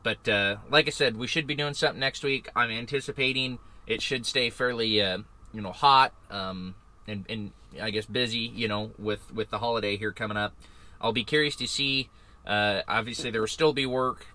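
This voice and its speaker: A man's voice: mid-range voice, fairly even intonation, moderate pace, bright, forceful tone. A man who drives his own truck, talking casually and rambling a bit in a vlog from in and around his parked semi. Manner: rambling, loose and chatty. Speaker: owner-operator truck driver.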